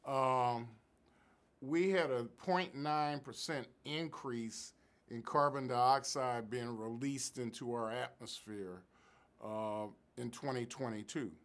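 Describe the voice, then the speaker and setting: A man's voice: mid-range voice, fairly bright tone. Emphatic lecturing male professor. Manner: emphatic, lecturing, stresses key figures. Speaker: professor and guest expert. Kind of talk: explanatory interview answers. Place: Sacramento area.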